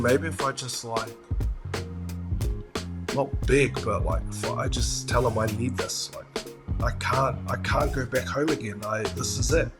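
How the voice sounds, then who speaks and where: New Zealand man telling a story over music. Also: medium pitch. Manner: lively retelling, acts out quoted exchanges. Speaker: interviewee, mixed martial arts fighter. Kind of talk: casual storytelling interview.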